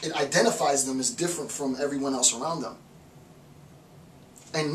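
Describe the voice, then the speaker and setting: A man giving an informal philosophy lecture, animated, repeating words and acting out little voices. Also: mid-range voice, moderate pace, long pauses, a little hiss or hum. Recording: roomy echo, mic far off.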